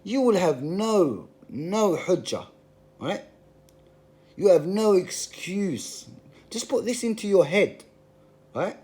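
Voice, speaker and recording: A man's voice: fairly high pitch, animated, slow pace, warm tone. A man giving an emphatic, passionate monologue, full of repetition and rhetorical questions. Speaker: religious commentator.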